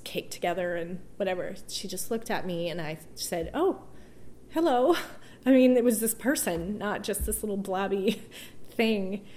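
A woman speaking as an interview guest and telling a personal story. She is emotional and halting, with restarts and soft laughs. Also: lowish voice, a little hiss or hum.

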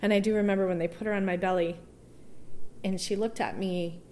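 A woman speaking as an interview guest and telling a personal story. She is emotional and halting, with restarts and soft laughs. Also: mid-range voice, fairly even intonation, slight background noise.

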